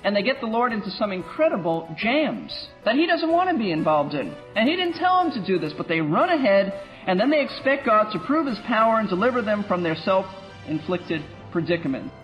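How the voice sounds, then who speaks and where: Man pastor, high voice that swings widely, muffled lo-fi sound, faint music behind. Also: a little fast. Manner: animated and wry, with playful asides. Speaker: pastor teaching a Bible class. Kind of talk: lively Bible teaching.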